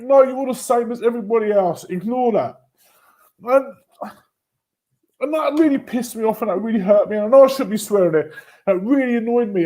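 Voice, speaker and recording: A man, telling a story in a casual discussion, growing animated and heated. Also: very high-pitched. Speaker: panel guest.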